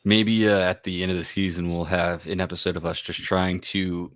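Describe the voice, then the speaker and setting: Deep voiced dude walking through an episode, quoting lines, dry mic. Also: male voice, little pitch movement, moderate pace, fairly bright tone, no echo. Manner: recaps scenes, quotes dialogue, thoughtful. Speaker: podcast co-host. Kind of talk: casual recap chat.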